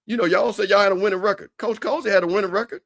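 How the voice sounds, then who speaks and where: A man co-hosting a sports talk stream, teasing rivals in an animated, repetitive way. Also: sits high, racing, vocal fry. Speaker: show co-host. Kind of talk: casual trash-talk commentary.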